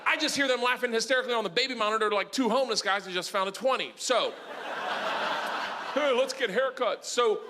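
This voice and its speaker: A middle-aged man doing stand-up comedy, telling a story in an animated way and jumping into high shouted voices for the people he quotes. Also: fairly quick, noisy background. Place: live comedy venue with audience.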